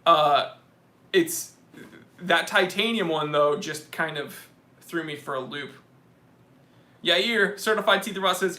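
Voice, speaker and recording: A man's voice: a little high, slow pace, pauses often, pushed and bright. A man hosting a casual livestream, joking and reading viewer comments aloud. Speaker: host. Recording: echoey room.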